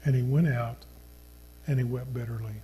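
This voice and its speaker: A man preaching a sermon as a pastor, reading scripture in an earnest, slow manner that sinks to a hushed tone at solemn points. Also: medium pitch, steady tone, a little hiss or hum, low-quality recording.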